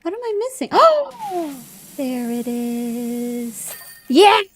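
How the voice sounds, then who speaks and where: A woman's voice: a little high, sing-song, slow pace, fairly bright tone, breathy edge, faint music behind. A young woman streaming a game, chatting casually, giggling and squealing often. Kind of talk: casual gameplay commentary.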